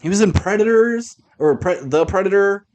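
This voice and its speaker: A man's voice: high voice, moderate pace, a little mellow. A man hosts a casual podcast and reviews movies bluntly. He rambles and restarts his sentences often. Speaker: podcast host.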